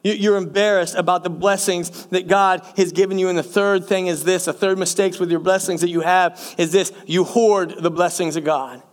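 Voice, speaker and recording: A man's voice: high voice, fairly even intonation, moderate pace, few pauses. A middle-aged male pastor preaching a sermon, calling the congregation "church" and repeating phrases for emphasis. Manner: speaks directly to the congregation as church.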